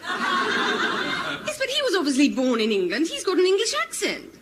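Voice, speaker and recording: Fussy old english lady, high voice, slow and sing-songy, noisy. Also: wildly swooping pitch, exaggerated voice. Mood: flustered. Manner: prim and fussy. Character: prim elderly English woman tourist abroad.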